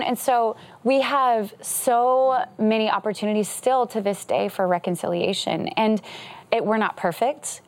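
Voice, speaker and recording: Woman in her thirties, earnest testimony, emotional, laughs easily, mid pitch. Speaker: guest pastor and author. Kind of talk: personal testimony in a TV interview.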